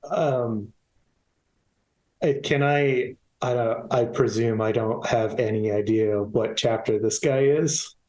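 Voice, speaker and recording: Male player, mid-pitched, laid-back and hesitant, recorded in a roomy, echoey space. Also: slow, a little mellow. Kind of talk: tabletop game play. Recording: roomy echo.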